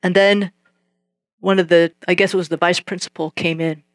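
Preacher telling a story in a sermon, acts out all the voices, mid-pitched, very dry. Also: normal speed, no echo. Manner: animated, acts out dialogue in quoted voices.

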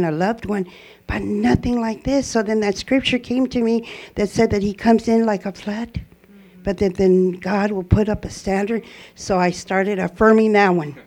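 Earnest woman with a mellow voice. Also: mid-range voice. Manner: earnest, rambling, with frequent restarts. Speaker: church member giving a testimony. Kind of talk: personal testimony to a congregation.

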